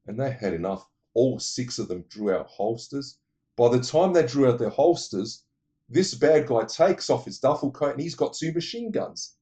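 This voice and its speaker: A man casually retelling movie plots in an animated way, adding vocal sound effects. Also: mid-range voice, moderate pace. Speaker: movie reviewer.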